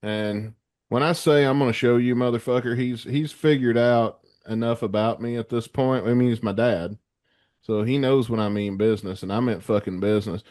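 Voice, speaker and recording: A man co-hosts a rock podcast while sick with a cold, speaking at a moderate pace in a medium-pitched, slightly mellow voice. The studio-quality recording has no room sound. The chat is casual and rowdy, with profane stories and stammering restarts.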